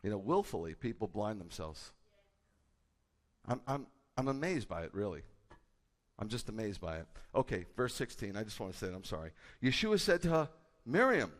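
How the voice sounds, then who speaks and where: Man, rabbi preaching, animated, emphatic loud peaks, long hall reverb. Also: lowish voice, fairly quick. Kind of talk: sermon.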